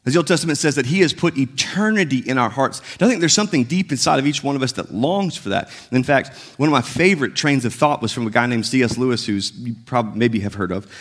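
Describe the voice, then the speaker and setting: A man delivers a sermon in a relaxed, talky manner. His pitch swings widely as he acts out the people in the story. He sounds like a pastor chatting with his congregation. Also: quick pace, few pauses. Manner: conversational, acts out biblical dialogue with shifting tones.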